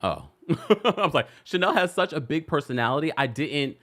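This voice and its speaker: A man's voice: a little high, lively intonation, normal speed, fairly bright tone. A man hosting a celebrity gossip show, chatting casually with his live audience in a playful, teasing way, laughing often. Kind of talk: casual commentary to a live chat.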